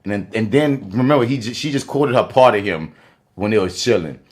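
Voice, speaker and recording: A man's voice: fairly low pitch, fairly quick. A man co-hosting a podcast review show, talking casually in heavy slang with lots of profanity. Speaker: podcast co-host. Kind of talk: casual chat.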